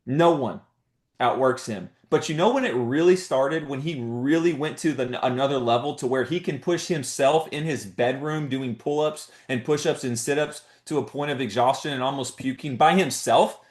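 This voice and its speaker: A man in the middle of a motivational talk, his pitch sitting at an ordinary middle level. He drives his points home with urgent questions and short repeated phrases, and his voice carries a roomy echo. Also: moderate pace. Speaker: motivational speaker to a business team.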